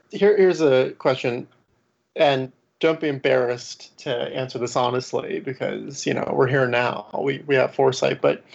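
A man's voice: medium pitch, vocal fry, highs cut off. A man in a casual critical discussion, speaking thoughtfully with hesitations and light chuckles. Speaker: podcast panelist.

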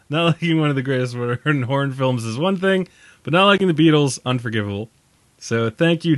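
A man's voice: medium pitch, quick pace, no room sound. A tired man co-hosting a casual movie podcast, rambling and joking, laughing often. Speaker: podcast co-host.

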